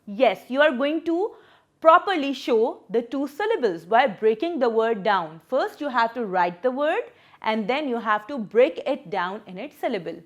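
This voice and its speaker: A woman teaching a children's lesson, sounding out words slowly syllable by syllable. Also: a little high, animated.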